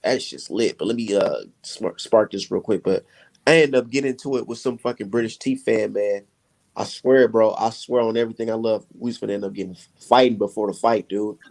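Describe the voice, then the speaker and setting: A man hosting a casual chat, telling a profane, animated story and laughing often. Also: on the low side, a little fast, creaky. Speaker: podcast host.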